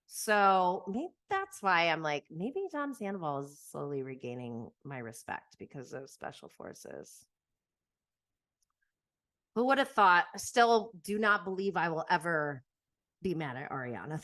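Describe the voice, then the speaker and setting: A woman's voice: fairly low pitch, fairly bright tone. A woman hosting a podcast, chatting casually and animatedly about reality TV, laughing often and leaning on fillers. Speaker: podcast host. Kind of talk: casual chat recapping reality TV.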